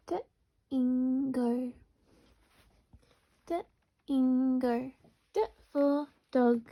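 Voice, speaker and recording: A woman teaching a phonics lesson to young children, slowly sounding out words syllable by syllable. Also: high voice, warm tone. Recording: dull lo-fi recording.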